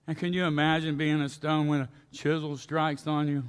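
A man's voice: a little high, level tone, normal speed, pauses often, in a large hall. A man preaching a sermon in a folksy storytelling way, asking his congregation questions, in a church sanctuary. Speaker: pastor.

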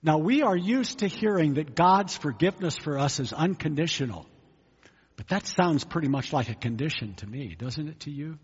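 A man's voice: a little high, expressive, moderate pace, husky. A pastor giving a sermon in a conversational way, asking his listeners rhetorical questions. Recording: echoey hall, dull lo-fi sound.

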